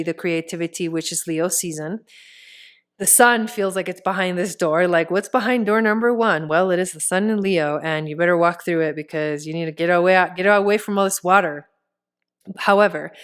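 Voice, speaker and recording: A woman's voice: lowish voice, smooth. A woman giving a casual tarot reading, talking straight to the viewer in a chatty way with many filler words. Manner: speaks straight to the viewer as "you". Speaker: tarot reader and astrologer.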